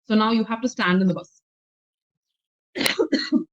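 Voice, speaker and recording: A woman's voice: fairly high pitch, animated, a little slow. A woman with an Indian English accent teaching spoken English in an online lesson, patient and explanatory, often checking that the learner follows. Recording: slightly dull lo-fi audio.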